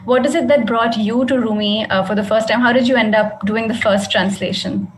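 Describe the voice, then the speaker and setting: Earnest, fairly high-voiced woman interviewer. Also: fairly even intonation, brisk, slight background noise, rough recording. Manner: earnest, searching, tentative phrasing. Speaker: festival interviewer. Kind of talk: conversational interview questions.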